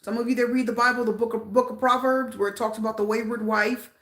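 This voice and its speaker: A woman's voice: on the high side, quick pace, echoey room. A woman giving a casual tarot reading, talking straight to her viewers and repeating phrases for emphasis. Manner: animated, repeats phrases, addresses viewers directly. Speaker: tarot reader.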